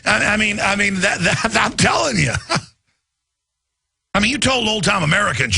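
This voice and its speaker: A male radio talk show host with a gravelly, raspy, hard-edged voice that sits fairly high. He rants in a rambling, mocking way, piling up lurid images and breaking into laughter, and the sound is close and dry. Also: sing-song, normal speed, long pauses, pushed and bright, no room sound. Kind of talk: rambling ranting monologue.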